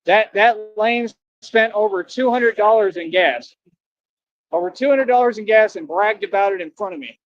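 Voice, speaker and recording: A man's voice: sits high, moderate pace, highs cut off. A man livestreaming, ranting boastfully and confrontationally at his chat in heavy street slang.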